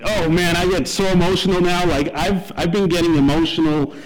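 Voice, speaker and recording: A man's voice: a little fast, a crowd in the background. A man in his thirties, a pastor, opening with prayer and then animatedly telling a story in a sermon, with poor audio quality. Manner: animated, acts out a dog's delight. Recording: low-quality radio-like audio.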